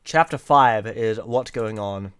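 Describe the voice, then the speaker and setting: A man's voice: on the low side, slow pace, fairly bright tone, clean tone. A young man on a live stream, reading an AI-written story aloud in a playful, giggly, melodramatic way.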